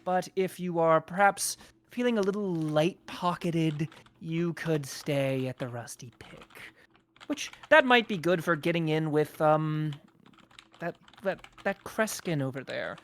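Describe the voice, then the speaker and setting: A man's voice: on the high side, a little slow, slight background noise. A man running a tabletop game as game master, narrating casually with some hesitation.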